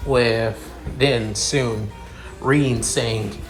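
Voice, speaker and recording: Slow, halting man reading a story. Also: medium pitch, steady tone, faint music behind. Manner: slow, halting, repeated connectives. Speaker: fan fiction narrator.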